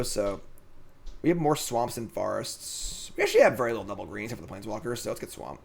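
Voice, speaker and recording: A man talks through his moves as he streams a card game, casual and chatty, stopping now and then to answer viewers. His voice sits at an ordinary middle pitch. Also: creaky. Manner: chatty, thinks aloud, reads chat and answers it. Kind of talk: casual live-stream commentary.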